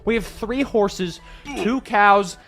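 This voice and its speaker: A man from Montana doing hyperactive, joking video game pack-opening commentary and yelling at big pulls. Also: high-pitched, takes it slowly, soft background music. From Montana, USA. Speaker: gaming YouTuber.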